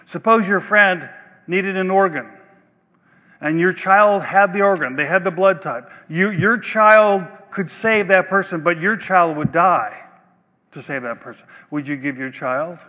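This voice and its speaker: A man preaching a sermon as pastor, slow and emphatic with long pauses. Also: high voice, bright, forceful tone. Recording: long reverb of a large hall.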